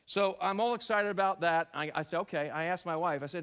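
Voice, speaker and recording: Middle aged pastor guy in a church, fairly high voice, super animated storytelling, keeps repeating himself for punch. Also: quick pace, smooth. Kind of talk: sermon. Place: church sanctuary.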